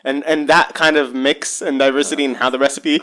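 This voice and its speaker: Fast-talking male podcast host. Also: fairly high pitch, level tone, fairly bright tone. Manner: fast, rambling questions with restarts. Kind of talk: casual chat.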